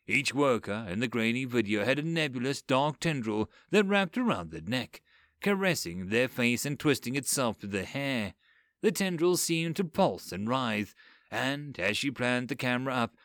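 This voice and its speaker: A man reading a dark fantasy story aloud in an expressive, dramatic way. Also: mid-range voice, no room sound, studio quality. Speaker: narrator. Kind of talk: audiobook story narration.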